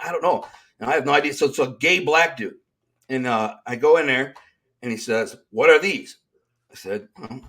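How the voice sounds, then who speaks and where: A middle-aged man with a Detroit accent, a guest in an interview, telling stories in a streetwise, animated way and acting out the lines of people he quotes. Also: medium pitch. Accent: Detroit, Michigan. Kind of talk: storytelling in casual interview.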